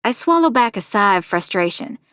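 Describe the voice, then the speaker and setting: A wary, determined young podcaster who tells her story in a measured, confiding voice. Her pitch sits in the middle range for a woman. The sound is close and dry, with no room around it. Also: sing-song, fairly bright tone, no echo. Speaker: narrator. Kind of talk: first-person audio drama narration.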